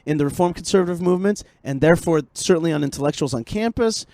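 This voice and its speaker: A man hosting a podcast conversation, animated and joking, often repeating his words as he goes. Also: on the high side, quick pace. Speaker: show host.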